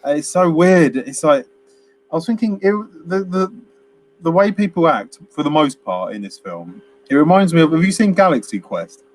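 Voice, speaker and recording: A man's voice: fairly high pitch, lively intonation, moderate pace, slight background noise. A man co-hosting a casual film chat, rambling through scenes, laughing often and acting out bits of dialogue. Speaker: film podcast co-host.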